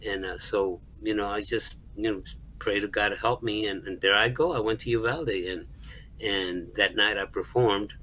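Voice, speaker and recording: A middle-aged man, a songwriter and music store manager, tells a personal story in an interview in an earnest, halting way, repeating words and acting out the dialogue he quotes. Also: lowish voice, pushed and bright, a little hiss or hum, poor audio.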